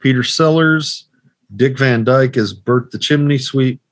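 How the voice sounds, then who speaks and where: A man's voice: medium pitch, unhurried, no echo. A man co-hosting a casual movie podcast, running through lists with lots of ums and restarts. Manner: rambling, filler-heavy list reading. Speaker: podcast co-host.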